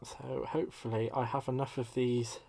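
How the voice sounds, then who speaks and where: A British man hosts a live crafting demo from his home desk, chatting with viewers in a playful, camp, teasing way as he works. His voice is medium-pitched, gravelly and mellow, with little pitch movement, and he talks at a normal speed.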